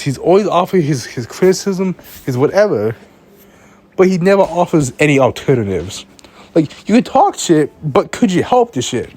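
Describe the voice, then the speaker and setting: A man's voice: fairly high pitch, very animated, moderate pace, a little mellow, slightly rough. A young man, a student filmmaker, telling a rambling, exasperated story in a casual vlog, often stumbling over and repeating his words. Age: young adult.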